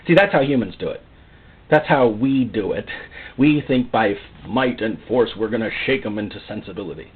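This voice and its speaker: A man preaching a sermon in an animated way, often acting out God's voice and the people he quotes. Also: on the low side, moderate pace, breathy edge. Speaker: pastor. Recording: phone-like narrow sound.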